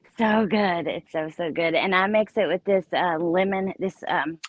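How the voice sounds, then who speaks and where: A woman's voice: on the low side, normal speed, no echo. A woman hosting a casual chat, rambling happily about products she likes. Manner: chatty, rambling product recommendations. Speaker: host.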